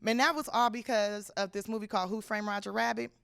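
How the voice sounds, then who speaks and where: A woman comedian from Los Angeles telling a comic story from her own life in slangy, animated speech. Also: medium pitch, quick pace, gravelly, smooth, no room sound, studio quality. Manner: animated, slangy, acts out the people in her stories.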